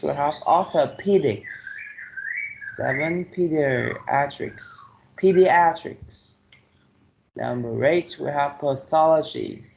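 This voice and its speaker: The lo-fi recording captures a male English teacher, Vietnamese-accented, whose voice sits on the higher side with a creaky, darkish tone. Lecturing slowly in an online class, he checks understanding by repeating "okay" and "right?" after almost every phrase.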